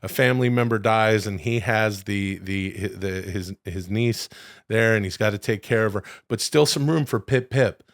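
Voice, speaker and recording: A man's voice: lowish voice, normal speed, no echo, studio quality. A man co-hosting a comedy podcast, rambling animatedly through wrestling talk and silly bits. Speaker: podcast co-host. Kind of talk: casual comedic chat.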